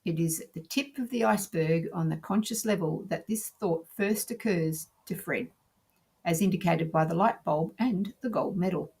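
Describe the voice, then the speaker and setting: A woman with a slightly husky, lower voice reads a scripted lesson. Her delivery is calm and measured, laying out each idea step by step. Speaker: teacher. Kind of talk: scripted narration.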